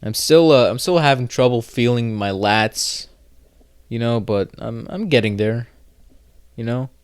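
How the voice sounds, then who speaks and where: A man's voice: medium pitch, measured pace, clear, resonant tone, no echo, clean studio sound. A man hosting a solo podcast, telling a rambling, profane story full of fillers and restarts. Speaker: podcast host. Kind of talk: casual solo podcast monologue.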